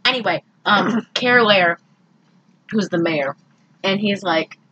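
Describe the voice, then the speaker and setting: A woman co-hosting a casual podcast, recapping a movie in an animated, exasperated way. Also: medium pitch, takes it slowly, lo-fi sound, background noise. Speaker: podcast co-host.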